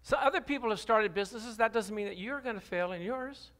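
Delivering his sermon at a brisk clip, a pastor speaks with lively energy. He drops low when reading scripture, swells into loud cries, and tosses questions out to the people listening.

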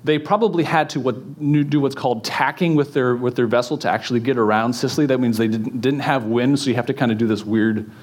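A man preaching to a congregation in a church in a relaxed, chatty way. He jokes with the audience and stops to fill in with ums and restarts. His voice sits at an ordinary middle pitch for a man. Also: fast talker, few pauses. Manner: chatty, joking, many fillers and restarts. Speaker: pastor. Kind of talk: casual sermon teaching.

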